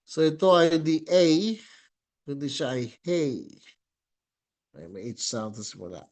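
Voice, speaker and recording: Halting Filipino-accented male teacher. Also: mid-range voice, sing-song. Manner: code-switching, halting, many fillers and restarts. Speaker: Greek teacher. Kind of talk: classroom lecture.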